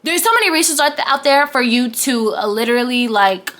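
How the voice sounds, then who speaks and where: A woman in her twenties giving a chatty, animated motivational vlog, sometimes dropping into whispers and playful asides. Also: on the high side, brisk, hardly any pauses. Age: 20s. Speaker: vlogger.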